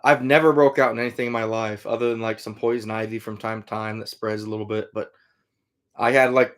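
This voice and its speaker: A middle-aged man from Iowa hosting a casual livestream, answering viewer comments in an easygoing, rambling way with lots of fillers. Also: medium pitch. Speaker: livestream host, trapper and hunter.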